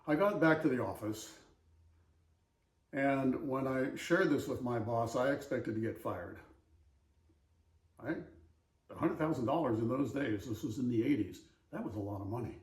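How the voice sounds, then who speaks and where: An older man from Southern California tells anecdotes in a relaxed, wry way, the sort of story he might share at a dinner table. His voice sits at an ordinary middle pitch. The room around him adds a noticeable echo. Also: normal speed, pauses often. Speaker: voice-over actor auditioning. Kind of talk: casual storytelling and read-aloud passage.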